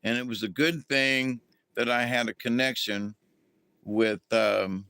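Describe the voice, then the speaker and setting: A man's voice: medium pitch, steady tone, unhurried, gravelly, sharp tone, clear, resonant tone, dry recording. A middle-aged man, telling a rambling, folksy story as a livestream host and greeting viewers along the way. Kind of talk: casual storytelling to a live chat.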